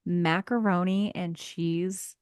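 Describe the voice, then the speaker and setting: A woman's voice: lowish voice, takes it slowly, clean tone, dry recording, clean studio sound. A woman co-hosting a podcast in casual chat, telling stories with acted-out quotes. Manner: animated storyteller, acts out quotes, laughs often. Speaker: podcast co-host.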